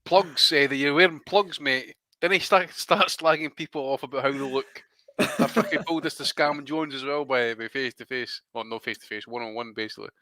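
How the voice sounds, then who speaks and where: A man co-hosting a podcast who swears his way through mocking rants. His voice is bright and forceful. The recording is close and dry. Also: medium pitch, fairly even intonation, brisk, no room sound. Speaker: podcast co-host. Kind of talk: casual banter.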